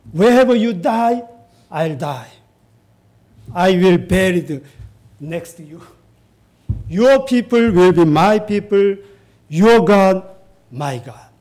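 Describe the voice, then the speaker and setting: A man reading aloud the words of a young widowed woman, pledging loyalty in an earnest, quiet, repetitive way. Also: high-pitched.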